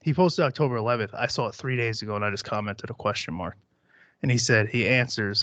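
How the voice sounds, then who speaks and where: A man's voice: fairly low pitch, fairly quick, sharp tone, no room sound, muffled recording. A man in his thirties hosting a podcast, talking bluntly and dismissively with plenty of swearing. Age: 30s. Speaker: podcast host. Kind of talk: casual chat.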